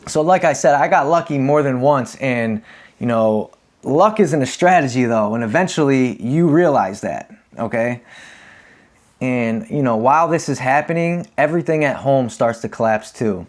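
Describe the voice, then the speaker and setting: A man in his thirties talks candidly through a personal story. His voice sits at an ordinary, middle pitch. He grows animated when he acts out what people said. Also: normal speed. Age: 30s. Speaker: podcast host. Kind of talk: confessional storytelling.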